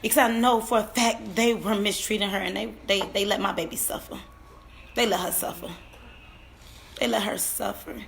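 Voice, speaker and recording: A woman's voice: medium pitch, steady tone, moderate pace, gravelly, fairly bright tone, a little hiss or hum. A grieving mother crying as she tells her story at home, her voice breaking as she repeats herself. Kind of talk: emotional personal testimony.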